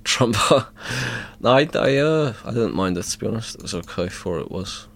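A man's voice: lowish voice, animated, normal speed, vocal fry, fairly bright tone. A man co-hosting a podcast, laid-back and easygoing, swearing casually while reviewing demos. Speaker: podcast co-host.

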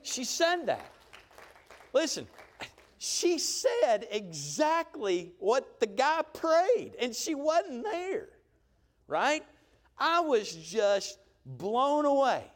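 A man preaching a sermon, telling a story with lively emphasis and often checking in with the crowd. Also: very high voice, drawn-out words. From Georgia. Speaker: pastor.

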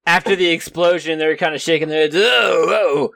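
A man running a tabletop game as game master, narrating the action and calling rolls. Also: fairly high pitch. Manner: slow, animated narration with frequent laughs.

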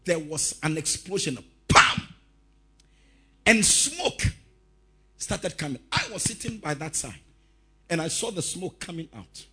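Man preaching slow with a big swinging pitch, husky rough voice, shouting and laughing through his story. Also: expressive. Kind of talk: sermon.

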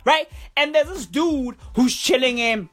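A woman doing a comic rant, animated and profane, full of slang. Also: high-pitched, unhurried, soft background music. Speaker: comedy vlogger.

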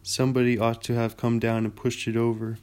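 A gloomy old gray donkey, as a man reads him aloud, grumbling through every sorrowful complaint. His voice stays flat and low-key, sunk in self-pity in a storybook world. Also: a little fast, clear, resonant tone, lightly acted. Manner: mournful, sighing complaints.

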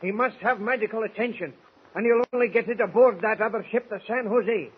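An actor playing a loyal, stubborn Scottish sailor who pleads earnestly in broad dialect, in 1940s radio acting. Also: male voice, high-pitched, fairly quick, narrow, tinny audio, slight background noise, natural voice. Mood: pleading.

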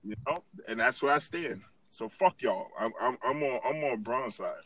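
A man's voice: medium pitch, animated, moderate pace, a bit bright, no room sound. A man co-hosting a casual wrestling podcast, ranting heatedly and swearing freely. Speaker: podcast co-host. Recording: distant mic with noise.

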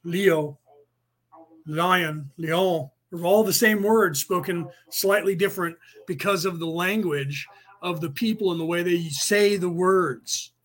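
A man's voice: high-pitched, a little slow, a bit bright. A man hosting a livestreamed class, explaining in a rambling way, repeating himself and spelling out words letter by letter. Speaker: podcast host teaching a class. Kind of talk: casual livestream lecture.

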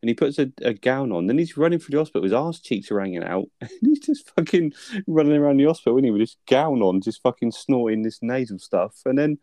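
Male co-host, young adult, mellow tone, profane animated film chat. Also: mid-range voice, fast, no echo. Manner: sweary, animated retelling with laughs. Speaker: podcast co-host.

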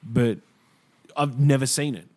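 A man with a mid-pitched voice chats casually with his co-host. He throws in quick jokes and swears offhandedly. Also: fairly even intonation, darkish tone. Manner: quick banter, sweary asides. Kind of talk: casual chat.

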